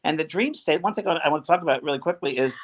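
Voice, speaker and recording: A man's voice: a little high, animated, rapid-fire. A man co-hosting a spiritual talk show, telling stories in an earnest, rambling way. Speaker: co-host.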